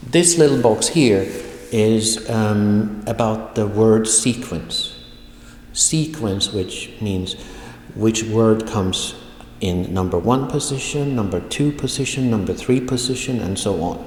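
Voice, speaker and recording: A man teaching an online language lesson, speaking slowly and deliberately and repeating example phrases. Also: on the low side, darkish tone, slight background noise. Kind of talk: online video lecture. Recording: echoey room with long reverb.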